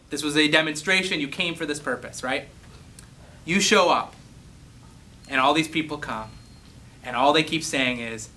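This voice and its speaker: A man's voice: fairly high pitch, sharp tone, a little hiss or hum. A man preaching a casual sermon, reading scripture and joking before building to passionate emphasis. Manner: jokey asides, rising to passionate emphasis. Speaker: pastor.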